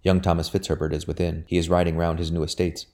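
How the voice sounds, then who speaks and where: An eager young gentleman, voiced by a male narrator in a storybook reading. He talks in a low, dark voice with an urgent, confiding manner, close to the narrator's own tone. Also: little pitch movement, quick pace, natural voice. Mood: hushed.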